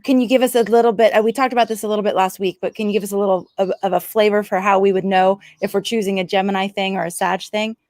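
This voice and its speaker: A woman's voice: mid-range voice, steady tone, fast, few pauses, darkish tone, no echo, clean studio sound. A woman podcast host asking an astrologer follow-up questions and checking her understanding. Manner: curious, checks points back with the guest. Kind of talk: interview questions.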